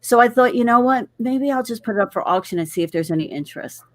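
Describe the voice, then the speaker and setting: A woman's voice: on the high side, lively intonation, fast, no room sound. A woman co-hosting a casual online show, telling a rambling, chatty story. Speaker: co-host. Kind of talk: casual chat.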